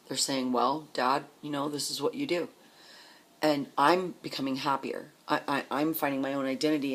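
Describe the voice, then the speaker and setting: A middle-aged woman telling her own life story candidly, blunt and swearing often, sometimes repeating words as she gets emotional. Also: a bass voice.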